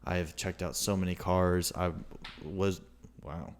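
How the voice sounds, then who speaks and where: Young guy podcast cohost, really low voice, rambly storytelling, keeps restarting sentences. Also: steady tone, a little slow. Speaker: podcast co-host. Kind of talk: casual chat.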